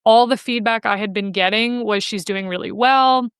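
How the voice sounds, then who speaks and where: Podcast guest, woman, higher and smooth, chatty storyteller who acts out quotes, dry close mic. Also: moderate pace, dry recording. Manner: chatty and emotional, quotes people in playful voices. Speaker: podcast guest, animal welfare researcher. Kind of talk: casual interview storytelling.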